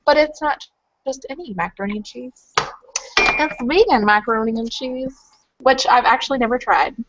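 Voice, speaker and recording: A woman's voice: on the high side, normal speed, heavy background noise. Woman, group call guest, chatty and rambling, muffled webcam sound. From Louisville, Kentucky. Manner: chatty, rambling with many fillers. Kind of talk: casual chat.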